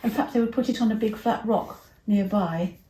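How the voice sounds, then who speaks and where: A middle-aged woman from England telling a Bible story to children in a chatty, expressive way, acting out the voices. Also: mid-range voice, moderate pace, echoey room, slight background noise.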